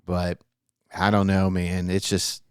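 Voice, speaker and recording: Low-voiced man in earnest podcast chat. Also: monotone, slow, smooth, no echo, studio quality. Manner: earnest, rambling, profane, trails off with fillers. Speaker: podcast co-host. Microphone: studio mic.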